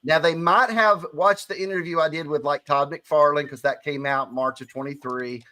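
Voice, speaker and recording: A man from Alabama talks in a thick Southern twang, his voice sitting a touch higher than most men's. He speaks frankly and plainly in a casual podcast chat, owning his accent without fuss. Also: fairly even intonation, moderate pace, bright, forceful tone, no echo. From Alabama, USA. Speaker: comic book creator, podcast co-host.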